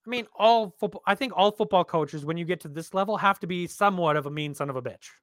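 Talking quickly in a high-sitting voice with no echo, a man from Canada co-hosts a casual sports podcast. He's animated and blunt, and he swears freely.

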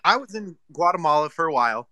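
A man's voice: fairly high pitch, expressive, fast talker, pushed and bright. A man hosting a casual online voice chat, cutting in to tease and then talking at length.

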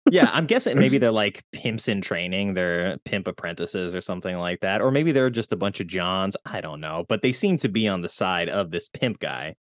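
A man with a somewhat low voice talks animatedly about a film, retelling scenes and laughing often. The recording is dry and close, with no room sound. It is a relaxed, casual podcast chat. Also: normal speed, few pauses, no echo. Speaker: podcast guest.

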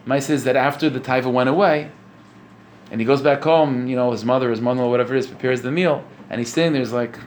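A man's voice: medium pitch, fairly even intonation, fast, slight background noise. A man, a religious speaker, giving a conversational storytelling sermon, often repeating phrases and checking in with his listeners. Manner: conversational, repeats phrases, asks "you know what I'm saying?".

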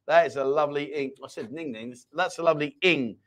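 A man's voice: a little high, fairly quick, fairly bright tone. A man hosting a casual live-stream chat show from a small home studio, jokey and rambling as he reads out viewer comments. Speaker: host.

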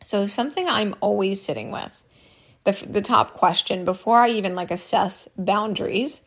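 A woman in her thirties hosting a solo business podcast, chatty and candid, her voice a little hoarse from allergies. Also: medium pitch, lively intonation, moderate pace, a bit bright. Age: 30s. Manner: candid, chatty, many likes and ums. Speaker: podcast host.

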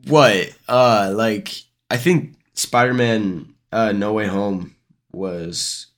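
A man's voice: on the low side, slow pace, a bit bright. A man co-hosting a casual movie review podcast, laid-back and joking in short replies. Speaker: podcast co-host.

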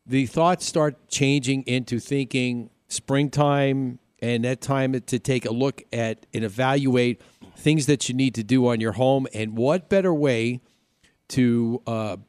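A man's voice: mid-range voice, steady tone, takes it slowly, darkish tone, clear, resonant tone, no room sound. A man with a New York accent hosting a live weekend radio show, upbeat and jokey, chatting loosely with restarts. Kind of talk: casual radio chat.

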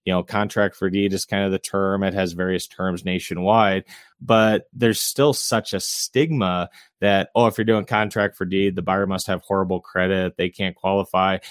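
Casting: lower-pitched relaxed male podcast guest, dry close mic, chuckles a lot. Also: normal speed, clean tone, no room sound. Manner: easygoing, chuckles often, many fillers. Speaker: podcast guest, real estate investor and realtor. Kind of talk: casual interview chat.

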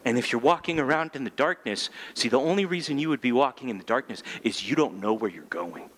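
A male pastor giving a sermon in church, joking and animated, asking the room rhetorical questions. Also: medium pitch, fast, a little hiss or hum.

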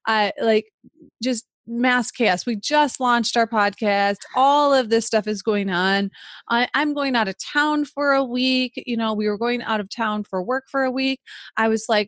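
Minnesota lady podcaster, kinda high voice, rambly storytelling w lots of likes. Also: no room sound. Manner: animated, fast storytelling with many "like" fillers. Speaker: podcast co-host. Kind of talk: casual storytelling chat.

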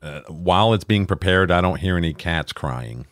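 Older guy hosting a podcast, real deep voice, dry jokey delivery. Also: expressive, moderate pace, a bit bright, dry recording. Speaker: podcast host. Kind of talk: casual podcast banter.

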